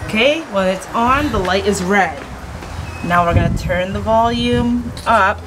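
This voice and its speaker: A woman's voice: mid-range voice, a little slow, very noisy. A woman in her thirties, a mother hosting a family vlog, explaining things cheerfully to her children. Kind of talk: casual family vlog chat.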